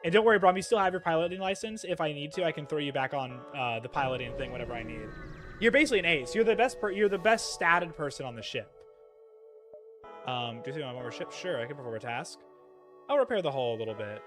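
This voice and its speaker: A young man with a fairly high voice talks his way through a game on a live stream. He is chatty and excitable, jumping from loud bursts to quiet mutters, with music playing underneath. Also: quick pace. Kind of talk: live gameplay commentary.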